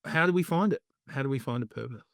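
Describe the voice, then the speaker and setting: Enthusiastic rambling host. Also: male voice, medium pitch, animated, fast, gravelly, no echo, clean studio sound. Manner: enthusiastic, rambling, with many fillers like "you know" and "right". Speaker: podcast host. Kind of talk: casual podcast conversation.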